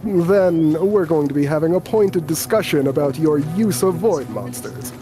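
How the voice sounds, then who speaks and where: A man's voice: fairly high pitch, animated, normal speed, poor audio. Teasing game master man over music. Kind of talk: narrating a tabletop game on a livestream.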